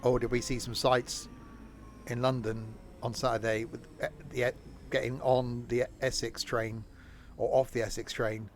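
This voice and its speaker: A man's voice: mid-range voice, little pitch movement, normal speed, noisy background. A man giving live gameplay commentary as a streamer, rambling and joking to himself as he plays. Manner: rambling, jokey talking to himself. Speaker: game streamer.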